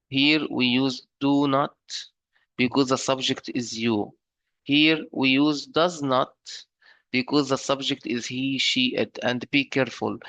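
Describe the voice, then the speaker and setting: A man's voice: mid-range voice, a bit bright, no room sound. A man teaching a beginner grammar lesson, explaining step by step with fillers and frequent checks like "right?". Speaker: English teacher.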